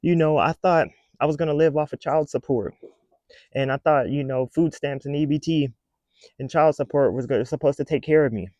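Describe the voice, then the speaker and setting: A man's voice: on the high side, moderate pace, darkish tone, no echo, highs cut off, pitched above the performer's own voice, natural voice. A man mimicking a whiny self-pitying mother. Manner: whining, complaining.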